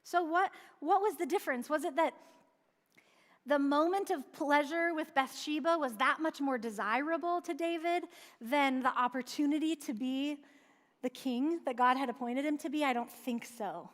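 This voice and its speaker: With a high-sitting voice at normal speed, a woman gives a sermon in a church sanctuary, earnestly answering the questions she poses. The recording has the long reverb of a church hall.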